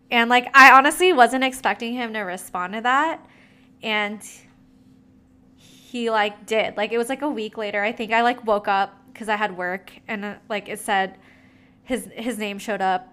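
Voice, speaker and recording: A woman's voice: mid-range voice, normal speed, bright, forceful tone, clear, resonant tone. A young woman in her twenties tells a story in casual chat, gossipy and full of fillers and swearing.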